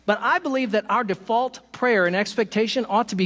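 A man preaching a sermon to his congregation, animated and quick to poke fun at himself with laughing asides. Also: sits high, in a large hall. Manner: animated, self-deprecating humor, laughs at own stories. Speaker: pastor. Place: church sanctuary.

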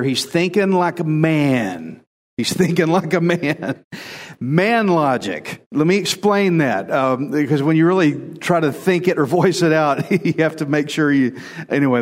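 A man preaching a casual, conversational sermon, animated and repeating phrases for emphasis. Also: a little high, long reverb tail. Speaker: pastor.

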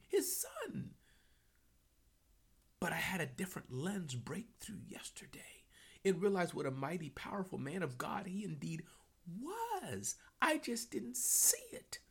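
Reading chat comments aloud on a live motivational stream, a man with a high, husky voice hammers home his key phrases by repeating them. He swings from hushed whispers to loud, fired-up outbursts.

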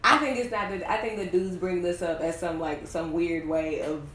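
A woman's voice: lowish voice, steady tone, moderate pace, fairly bright tone. Woman, frank emphatic talk, casual podcast chat, echoey room, faint background noise.

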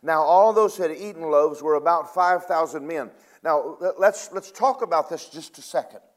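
Paraphrasing scripture casually, a preacher delivers his sermon in a fairly high voice. Loud, emphatic outbursts give way to soft, lingering asides.

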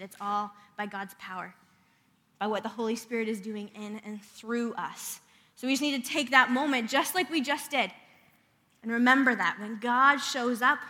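In a church sanctuary full of long reverb, a woman delivers a heartfelt sermon that includes prayer and a story about her family. Her pitch is fairly high and her tone sharp.

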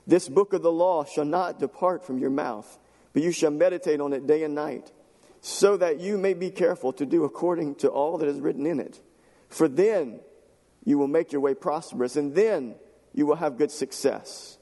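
A man preaching a sermon in a church sanctuary. His voice sits a little high for a man, and it carries long reverb from the hall. He reads Scripture calmly, then presses his points with fervent, emotional emphasis. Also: moderate pace. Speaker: pastor.

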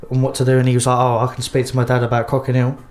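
A man's voice: medium pitch, completely flat delivery, rapid-fire, darkish tone. A man, a local football team manager, answering interview questions in loose, rambling sentences with many restarts.

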